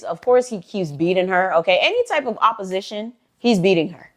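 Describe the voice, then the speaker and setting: A young woman vlogger telling a story casually, animated and sassy with frequent asides. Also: mid-range voice, fairly quick.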